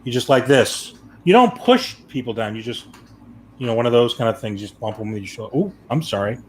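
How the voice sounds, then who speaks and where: A man hosting a casual chat show, telling a long story in a rambling way and acting out his own panicked shouts. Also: mid-range voice, lively intonation, a little fast, a little hiss or hum. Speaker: show host.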